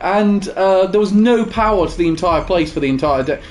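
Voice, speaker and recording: A man's voice: high voice, normal speed. A young man chatting casually while gaming, telling rambling stories with many fillers and restarts. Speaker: gaming co-host.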